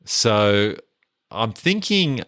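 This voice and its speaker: A man's voice: fairly low pitch, big pitch swings, drawn-out words, a bit bright, dry recording, clean studio sound. A man co-hosting a casual film podcast, running the segments with wry jokes. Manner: runs the segments, wry and joking. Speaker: podcast co-host. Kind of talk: casual chat.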